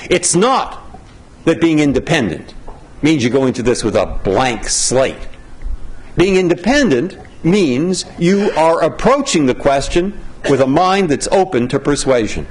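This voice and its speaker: A man's voice: on the high side, animated, a little slow. An older American man giving a conversational conference speech as a judge, asking himself questions and breaking off mid-sentence. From United States. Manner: conversational and self-interrupting, asks himself questions. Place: conference hall.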